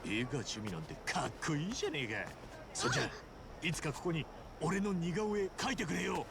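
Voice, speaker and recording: An actor playing a brash, cheerful young man who trades rough, boisterous banter in a video game cutscene. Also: a little high, wildly swooping pitch, racing, noisy background, heavily acted. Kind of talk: Japanese video game voice acting. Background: game music.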